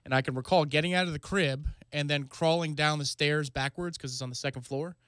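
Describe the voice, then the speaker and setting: A man from New York co-hosting a sports talk radio show in a studio, chatting in a quick, casual way. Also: a little high, steady tone, a bit bright, clear, resonant tone, no echo. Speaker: radio co-host.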